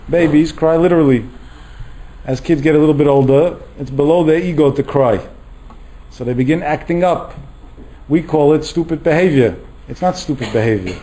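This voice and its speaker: A man's voice: a little high, rough recording. A middle-aged man giving a Torah lecture as a rabbi, telling stories and acting out the voices he quotes. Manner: animated, acts out quoted voices.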